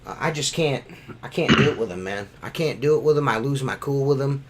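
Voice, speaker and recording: A man on a podcast, talking crude casual banter, profane and rambling, getting animated. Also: mid-range voice, a little fast, slight background noise. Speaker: podcast host.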